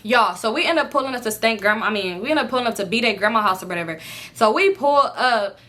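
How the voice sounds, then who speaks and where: A young woman spins a storytime vlog in a bright, forceful voice that sits a little high. She talks in an animated, profane way and acts out what others said. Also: fast talker. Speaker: vlogger. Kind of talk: casual storytime.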